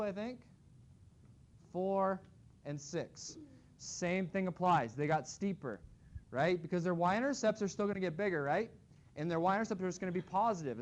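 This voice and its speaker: A man teaching a math class, talking casually and thinking aloud as he graphs. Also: fairly high pitch. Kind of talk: classroom lecture.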